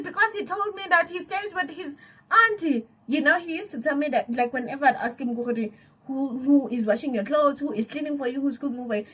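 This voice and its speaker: Young South African woman, high voice, casual storytime vlogger, animated and emotional, laughs often. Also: moderate pace, rough recording. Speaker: YouTuber.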